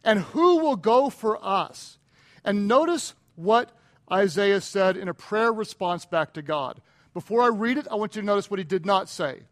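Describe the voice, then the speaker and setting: High-voiced man preaching a sermon. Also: expressive, moderate pace. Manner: emphatic preaching, voice rising on quoted prayers. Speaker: pastor.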